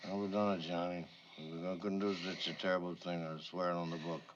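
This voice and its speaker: A man's voice: low-pitched, level tone, a little fast, lightly acted. An actor playing a drunk old man who mutters slurred denials, on a noisy, dull old film soundtrack. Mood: mumbling.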